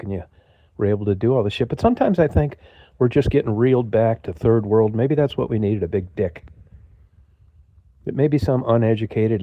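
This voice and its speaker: An older US man with a voice on the low side hosts a livestream in lo-fi audio with no room sound. Rambling and casual, he swears a lot and gruffly engages with viewers in the chat.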